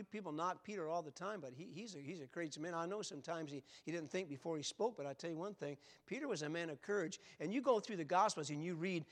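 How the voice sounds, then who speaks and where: An older male pastor delivers a sermon in a fairly high voice. He presses the listeners with earnest questions, rising loud for emphasis and dropping quiet when he reflects.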